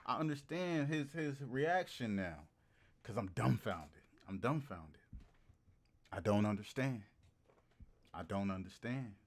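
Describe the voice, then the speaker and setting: A man casually chatting to his livestream audience, animated and slangy, repeating phrases for emphasis. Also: mid-range voice, normal speed. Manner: slangy and profane. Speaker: streamer.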